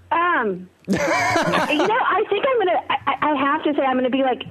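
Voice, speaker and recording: A woman's voice: sits high, very animated, unhurried, noisy background. A woman on a podcast panel, giggling as she talks in casual banter. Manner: giggly, laughs while talking. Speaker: podcast co-host.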